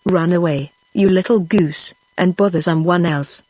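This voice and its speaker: A woman's voice: fairly low pitch, a little slow, a little mellow, dry recording. A synthetic woman's voice reading the lines of a haughty, vain princess in a storybook, with barely any change from the narration.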